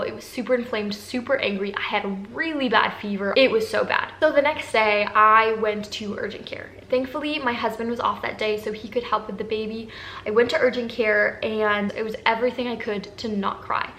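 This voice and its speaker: Candid young woman with a bright voice. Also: fairly high pitch. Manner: candid, emotional, addresses viewers as guys. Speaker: vlogger telling her breastfeeding story. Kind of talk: casual personal storytelling. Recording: echoey room with faint background noise.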